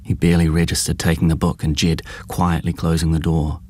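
A man giving measured, scripted audiobook narration of a story. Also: extremely low pitch, completely flat delivery, darkish tone, no echo, clean studio sound.

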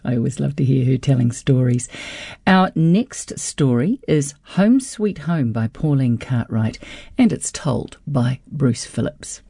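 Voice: medium pitch, a little slow, gravelly, mellow, husky, dry recording. A presenter introducing the next story on a children's story program.

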